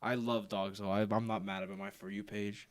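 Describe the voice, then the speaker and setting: A young man co-hosting a podcast, laid-back and quick to laugh and agree. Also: fairly low pitch, level tone. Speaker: podcast co-host. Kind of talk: casual chat.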